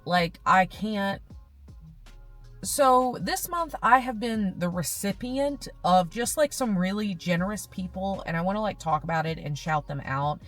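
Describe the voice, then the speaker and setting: A woman's voice: medium pitch, animated, unhurried, fairly bright tone, soft background music. A young adult woman vlogging from a parked car, chatting casually and rambling with lots of fillers, audibly moved and emotional. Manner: rambling, gushing, with many fillers. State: emotional and touched. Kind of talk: casual chat.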